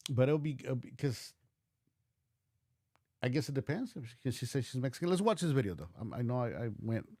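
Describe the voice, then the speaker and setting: A man's voice: mid-range voice, lively intonation, a little fast, mellow, no echo, studio quality. A man hosting a livestream, reacting in a casual, rambling way with lots of restarts and fillers, and swearing now and then. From United States. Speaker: livestream host.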